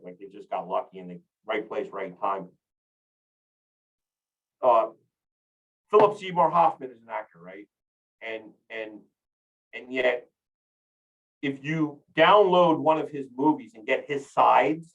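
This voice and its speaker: Energetic man coaching, distant and lo-fi. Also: medium pitch. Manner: energetic, rambling, with many restarts. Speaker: real estate coach. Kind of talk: casual training talk.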